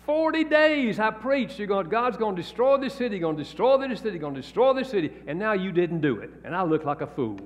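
A man voicing an indignant prophet who complains in a raised, drawn-out voice. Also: high voice, very animated, voice pushed up. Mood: aggrieved. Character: indignant male prophet, whining. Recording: echoey hall, dull lo-fi sound.

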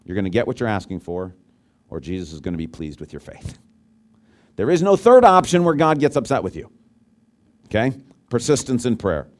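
A man preaching a sermon as pastor, talking conversationally and asking the congregation questions, swinging between loud emphasis and quiet low asides. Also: sing-song, fairly quick, pauses often.

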